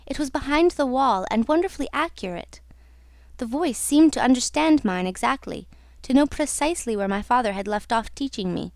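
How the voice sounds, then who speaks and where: A woman's voice: high-pitched, animated, moderate pace, darkish tone, dry recording, studio quality. A woman reading an audiobook, voicing a young female opera singer who confides her story in an earnest, wistful way. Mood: confiding.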